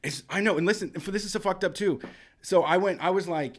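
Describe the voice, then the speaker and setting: A young man with a slightly raised voice tells a rambling story on a talk show. He swears freely and acts out what people said, bouncing between animated and deadpan. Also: sits high, fast. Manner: profane, animated storyteller acting out quotes. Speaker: podcast co-host. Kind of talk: casual storytelling chat.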